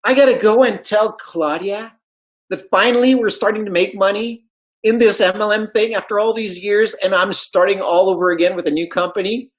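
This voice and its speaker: A man's voice: high-pitched, normal speed, low-quality recording. A man whose first language is not English gives a motivational talk about network marketing, telling stories and acting out the voices in them. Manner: animated storyteller, acts out quoted dialogue.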